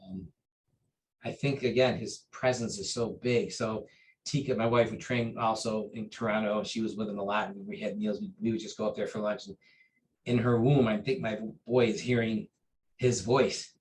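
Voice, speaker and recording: Low-voiced man telling a story. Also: steady tone, normal speed, slight background noise, rough recording. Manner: rambling, with many fillers and restarts; acts out quoted dialogue with raised pitch and volume. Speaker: martial arts instructor, interview guest. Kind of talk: conversational storytelling in an interview.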